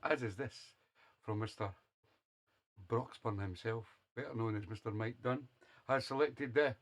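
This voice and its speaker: A man's voice: medium pitch, unhurried, pauses often, soft background music. A man hosting a radio show, chatting casually between songs in a jokey, teasing way and chuckling often. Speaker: radio DJ host.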